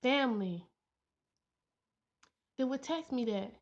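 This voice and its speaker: A woman's voice: on the high side, measured pace, a bit bright. A young woman vlogging in an earnest, heartfelt way, repeating her lines for emphasis. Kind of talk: personal vlog talk. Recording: dull lo-fi sound.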